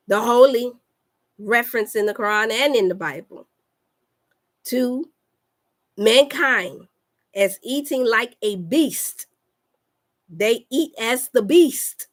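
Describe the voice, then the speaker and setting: With a voice on the high side, a female health coach preaches fervently over a livestream. She hammers lines home by repeating them and keeps calling out to her audience.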